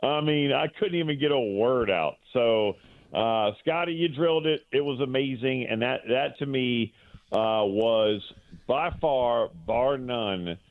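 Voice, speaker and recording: A man's voice: mid-range voice, no room sound. A man calling in as a sports broadcaster guest, telling an emotional story in a rambling way with many restarts. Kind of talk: casual radio interview. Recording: dry tinny phone line.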